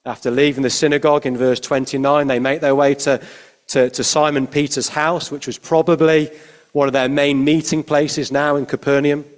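A man preaching a sermon, measured and emphatic, his phrases falling quiet at the ends. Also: a little high, little pitch movement.

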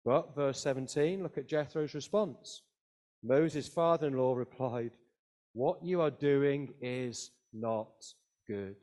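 A man preaching a sermon, reading scripture aloud and explaining it with deliberate emphasis. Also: mid-range voice, darkish tone. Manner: slow, deliberate expository preaching with emphatic rises.

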